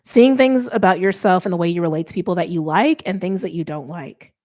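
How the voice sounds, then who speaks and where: A woman's voice: on the low side, a little fast, a little mellow. A middle-aged woman giving a casual tarot reading, chatty and thinking aloud with many fillers. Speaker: tarot reader.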